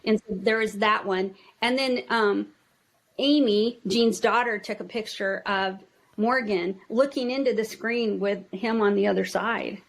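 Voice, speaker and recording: A woman's voice: medium pitch, a little slow, vocal fry. Chatty Minnesota woman telling stories. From United States. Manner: chatty, acts out quotes in lively voices. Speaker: toy store owner, guest. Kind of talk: casual storytelling interview.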